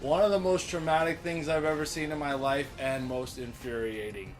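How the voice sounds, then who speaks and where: A young man with a slightly high voice rants through a TV recap in loose, profane bursts. He sounds heated and worked up, swearing constantly as he talks over his co-host. Faint music sits under him. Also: fairly even intonation, moderate pace. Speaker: podcast co-host. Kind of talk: casual chat recapping a TV episode.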